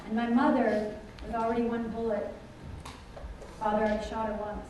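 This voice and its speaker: A middle-aged woman telling a personal story to a conference audience, animated and often asking the listeners questions. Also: on the high side, moderate pace, pauses often, distant mic, noisy background. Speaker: conference speaker. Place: large conference hall. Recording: echoey hall, voice picked up from afar.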